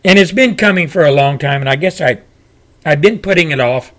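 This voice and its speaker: Male host, forceful ranter, slightly high voice. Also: brisk. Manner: loud, forceful, ranting delivery. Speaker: show host. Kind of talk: political commentary monologue.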